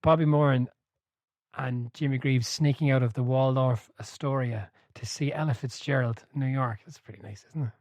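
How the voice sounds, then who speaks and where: A man hosting a casual book chat, telling stories with lively energy and an easy laugh. His voice sits in an ordinary middle range. The sound is close and dry, with no room around it. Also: medium pitch, normal speed, no echo. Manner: animated storyteller, laughs and swears freely. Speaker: book club podcast host.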